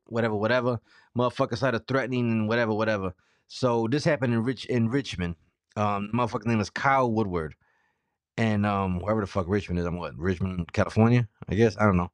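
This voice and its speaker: Man, podcast host, low-pitched, dry sound, profane, irritated, sore mouth. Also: steady tone, quick pace, dry recording. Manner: profane, loose and irritated, swings from muttering to loud outbursts. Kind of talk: casual solo podcast rant.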